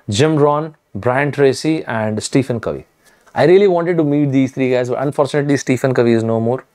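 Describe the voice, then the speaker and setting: A man's voice: mid-range voice, a little mellow. A man giving an earnest, motivational exam-prep lecture, repeating points for emphasis. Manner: earnest, repetitive, emphatic asides. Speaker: teacher.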